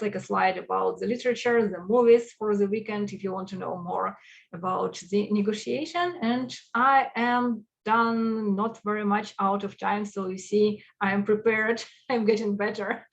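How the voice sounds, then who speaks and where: A woman's voice: mid-range voice, creaky. A woman with an Eastern European accent speaking at an online conference and answering questions, with lots of fillers and restarts. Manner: many fillers and restarts, emotional. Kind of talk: online talk and Q&A. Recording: dull lo-fi video call audio.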